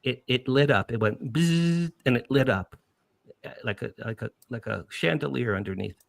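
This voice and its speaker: A middle-aged man from New Jersey, a podcast guest, telling an emotional first-person story with animated, emphatic repetition. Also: mid-range voice, moderate pace, gravelly, no room sound.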